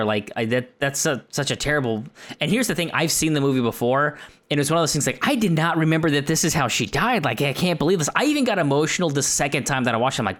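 A man talking casually about a film on a podcast, rambling with lots of fillers and getting animated when excited. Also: mid-range voice, quick pace. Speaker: podcast co-host.

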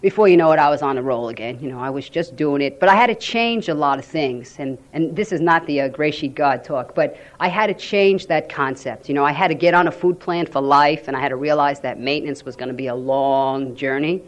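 In a low-pitched voice, slightly fast and with hardly any pauses, a woman gives an animated account of her recovery at a meeting, voicing the words of people in her story.

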